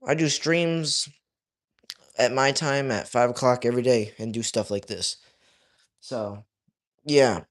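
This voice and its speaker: A young man chatting casually on his livestream while he draws, reading viewers' comments aloud and joking around, his voice swinging from loud to mumbled. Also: medium pitch, slow, long pauses. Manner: reads chat aloud, jokey, drifts loud to mumbling. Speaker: livestreaming artist.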